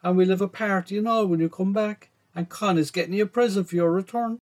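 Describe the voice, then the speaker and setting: A fond, gentle Irish mother, as a man puts her on with a raised, lifted voice. She speaks softly and dotingly and keeps calling her son love. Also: high-pitched, steady tone, quick pace, voice pushed up. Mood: soothing. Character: affectionate Irish mother on a phone call.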